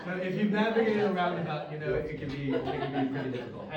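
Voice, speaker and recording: On a comedy club stage before a live audience, a young American stand-up comedian delivers dry, self-deprecating punchlines and banters with the crowd. His voice sits on the high side, animated and quick. The audio is dull and echoey, with a distant mic and loud noise.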